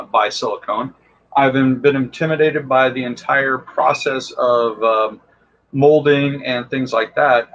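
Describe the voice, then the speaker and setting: A man's voice: mid-range voice, a bit bright, muffled recording. A man who makes costumes and props, talking casually and with enthusiasm about his tools, full of fillers. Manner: enthusiastic, rambling, many fillers. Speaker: costume and prop maker guest. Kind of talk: casual how-to talk.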